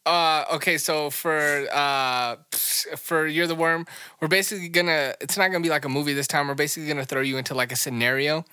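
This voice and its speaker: Male podcast co-host, bright and forceful voice, dry close sound, teasing banter. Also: fairly high pitch, fairly even intonation, clear, resonant tone, dry recording. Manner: teasing, quick to laugh. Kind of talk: casual chat.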